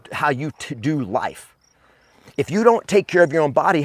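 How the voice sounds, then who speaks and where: A man's voice: medium pitch, no room sound. A man giving a blunt, emphatic motivational talk as a real estate coach, swearing freely.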